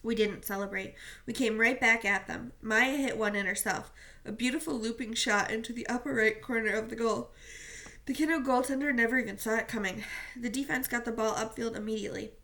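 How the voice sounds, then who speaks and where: A woman's voice: a little high, fairly quick, pushed and bright. A woman reading a novel aloud, telling the story steadily in the first person. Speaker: reader.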